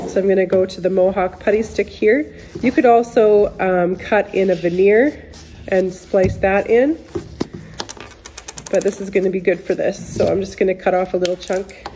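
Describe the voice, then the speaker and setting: Working in her workshop, a woman with a nasal voice from a cold casually explains a furniture repair step by step for viewers. She's a chatty furniture restorer doing a how-to demonstration, speaking in a mid-range voice amid background noise.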